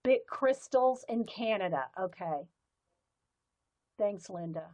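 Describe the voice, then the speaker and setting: A woman's voice: mid-range voice, expressive, takes it slowly, a little mellow, no room sound. A woman hosting a casual live stream, chatting to her viewers in a rambling way and laughing often. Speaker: livestream host.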